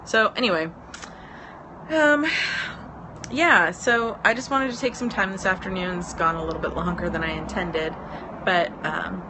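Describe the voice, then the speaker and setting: A woman's voice: on the low side, moderate pace, long pauses. Chatty woman on a noisy porch. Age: 30s. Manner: rambling, chatty, frequent ums, laughs easily. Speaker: business mentor. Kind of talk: casual live-stream chat. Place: outdoor porch. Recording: outdoor porch with road noise. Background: road noise.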